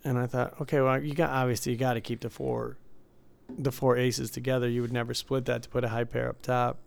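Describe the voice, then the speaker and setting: A man's voice: mid-range voice, level tone, a little fast, vocal fry, a little hiss or hum. A man co-hosting a casual podcast, telling rambling stories and correcting himself as he goes. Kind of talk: casual chat.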